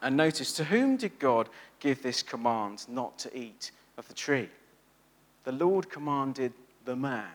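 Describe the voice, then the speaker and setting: A man preaching a sermon, animated and asking his listeners rhetorical questions. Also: medium pitch, a little slow.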